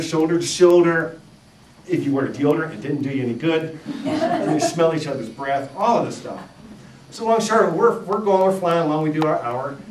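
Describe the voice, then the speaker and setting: Lively man telling funny stories. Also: fairly high pitch, echoey room, distant mic, slight background noise, poor audio. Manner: animated storytelling with self-mocking jokes. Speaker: speaker. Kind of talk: humorous live talk. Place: live event room with audience.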